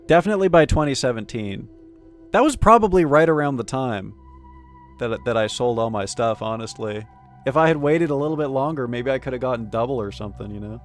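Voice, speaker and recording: A man streaming live, chatting casually and joking as he reads game text and chat messages aloud. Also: mid-range voice.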